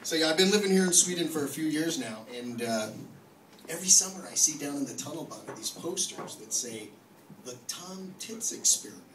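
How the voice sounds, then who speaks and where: A man's voice: fairly high pitch, lively intonation, brisk. A man with a New Jersey accent doing a brash, profane stand-up comedy set. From New Jersey, USA. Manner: brash, profane, swings into loud mock-angry bits. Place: comedy club stage. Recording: echoey club from far off with noise.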